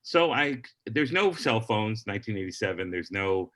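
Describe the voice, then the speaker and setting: A man's voice: on the low side, big pitch swings, moderate pace, fairly bright tone. A middle-aged man, a comedian on a podcast telling a long story and acting out the people in it.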